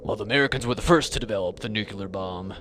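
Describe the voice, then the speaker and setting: A man's voice: lowish voice, racing, a bit bright, a little hiss or hum. A young man narrating a scripted science lesson in a playful, jokey, theatrical way. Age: young adult. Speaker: science educator.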